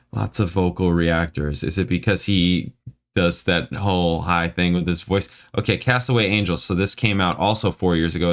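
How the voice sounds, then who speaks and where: A man's voice: sits low, fairly bright tone. A man hosting a music reaction, talking casually and bluntly and reading text aloud between comments.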